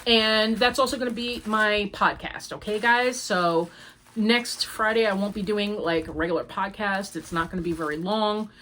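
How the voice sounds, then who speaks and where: A woman's voice: mid-range voice, normal speed, a bit bright. An older American woman, rambling chattily as she hosts a crafting podcast. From United States. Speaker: podcast host. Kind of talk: casual chat.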